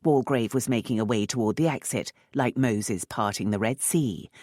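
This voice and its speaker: An audiobook narrator reading a romance novel in a measured, expressive way. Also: medium pitch, no echo, studio quality.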